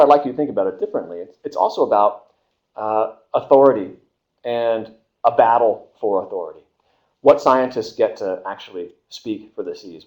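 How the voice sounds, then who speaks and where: Animated male history lecturer. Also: mid-range voice, dull audio. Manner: animated, acts out quoted voices, many filler uhs and restarts. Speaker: history professor giving a seminar talk. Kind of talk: university lecture.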